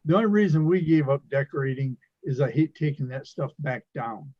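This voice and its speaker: A man's voice: medium pitch, a little fast, no echo. Wry man on a dull, dry call line. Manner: asks questions, wry remarks. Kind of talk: casual chat on a live stream. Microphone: video call.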